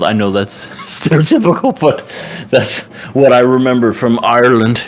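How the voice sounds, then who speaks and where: A man's voice: medium pitch, animated, moderate pace. A man co-hosting a podcast, joking and laughing along through casual anime chat. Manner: laughs often, playful, jokes along. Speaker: podcast co-host.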